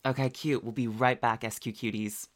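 Chatty male podcast host, mid pitch. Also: moderate pace. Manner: animated, chatty and encouraging, laughs often. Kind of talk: casual podcast chat.

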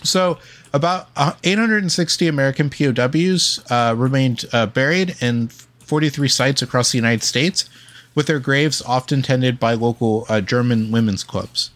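A man's voice: medium pitch, normal speed, a bit bright. Man reading history notes with many ums. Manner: reads facts with many ums and uhs. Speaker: podcast co-host.

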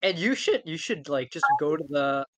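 A man co-hosting a podcast, reacting in casual chat with expressive, profane comments. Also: on the high side, moderate pace, no echo. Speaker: podcast co-host.

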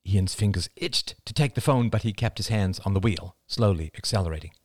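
Male audiobook narrator, low and animated, recorded dry and close. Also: brisk, few pauses, no room sound. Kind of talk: scripted narration.

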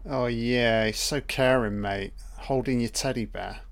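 A man speaking at medium pitch and an unhurried pace mocks a film he's watching for the first time. The sarcastic solo commentary is profane and laced with deadpan asides.

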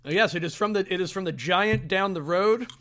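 A man co-hosting a podcast with a high, bright, forward voice. He chats with enthusiasm and keeps repeating the start of his phrases before landing on a thought. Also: brisk. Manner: enthusiastic, stumbling restarts. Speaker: podcast co-host. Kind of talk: casual chat.

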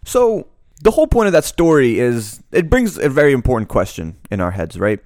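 A man's voice: medium pitch, very animated, brisk, darkish tone, no room sound, clean studio sound. A young man co-hosting a podcast in casual chat, telling a story with acted-out quotes and casual swearing. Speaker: podcast co-host.

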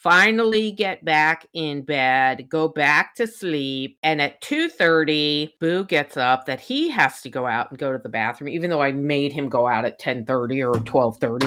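Low-pitched, bright-toned woman telling stories. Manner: animated storyteller, swearing, shrieking when retelling scares. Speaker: podcast co-host. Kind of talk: casual chat.

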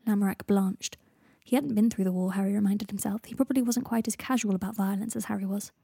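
A woman reading a story aloud as narrator, steady and measured. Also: mid-range voice, creaky, slightly rough, no echo, clean studio sound. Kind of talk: audiobook reading of fan fiction.

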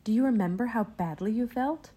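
A woman voicing a gentle soothing mother bear. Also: on the high side, a little fast, natural voice.

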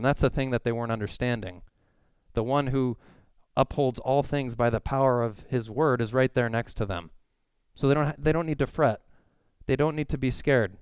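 A man preaching a sermon with a very clear, smooth and resonant voice. He speaks earnestly and pushes his voice up to stress key words. The sound is dry and close, with no room echo. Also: mid-range voice, a little mellow. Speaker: pastor.

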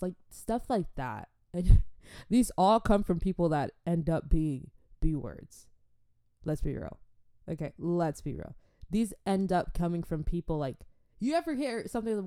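A woman vlogger in casual chat with her viewers, animated and chatty, dropping churchy exclamations. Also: on the low side, normal speed, dry recording, clean studio sound.

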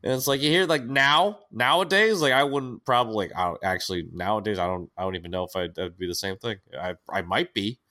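A man's voice: on the low side, fairly quick, hardly any pauses, bright, forceful tone. A young man co-hosting a podcast in casual chat, rambling and laughing at himself. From United States. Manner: rambling, self-mocking, laughs often. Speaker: podcast co-host.

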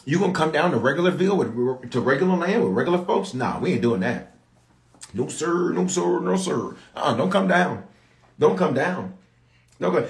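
A man's voice: on the high side, normal speed, vocal fry, roomy sound. A man preaching a sermon as bishop, calling out to his congregation for response. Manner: animated, calls out to the congregation for response.

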